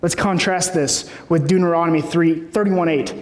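A man's voice: fairly high pitch, moderate pace, few pauses. A man in his thirties preaching a sermon in a conversational way, often checking in with the room. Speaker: pastor. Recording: echoey hall.

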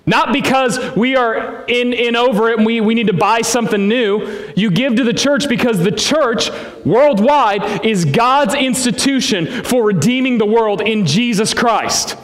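A man's voice: sits high, animated, normal speed. Earnest preaching man in a reverberant church. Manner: earnest, conversational preaching with asides. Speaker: pastor. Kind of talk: sermon. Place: church sanctuary. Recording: long hall reverb.

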